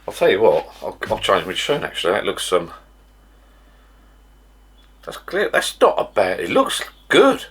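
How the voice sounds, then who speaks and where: A man's voice: on the low side, wildly swooping pitch, a little slow, pauses often, a bit bright, slightly rough. A middle-aged man from the UK, chatting casually and rambling in a home vlog from his garden bar shed. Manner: rambling and chatty, with frequent restarts. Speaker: vlogger.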